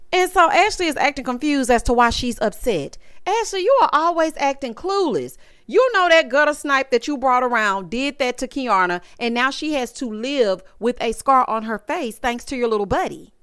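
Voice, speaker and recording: A woman with a high voice that swoops all over gives a sassy, dramatic recap of a reality show. Her voice is smooth and clear, close on a dry mic with no room sound. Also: sing-song, a bit bright, no echo. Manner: sassy, dramatic, quick to mimic people. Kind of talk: casual recap commentary.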